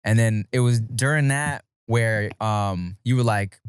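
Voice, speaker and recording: A man's voice: lowish voice, a little slow, clean tone, no echo, studio quality. A man hosting a podcast, telling a story in casual chat with slang and swearing. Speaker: podcast host.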